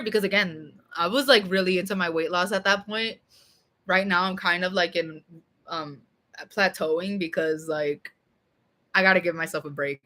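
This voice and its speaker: A woman's voice: mid-range voice, moderate pace. A young woman chatting casually on a livestream, rambling and swearing as she goes. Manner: rambling, animated, swears a lot.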